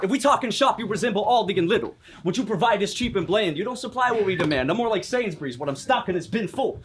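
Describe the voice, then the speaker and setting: A young man from South Florida raps a mocking battle verse at a live event. His voice is high for a man, and he slips into rapid-fire chopped flows. Clear background noise sits under the voice. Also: expressive. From South Florida, United States. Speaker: battle rapper.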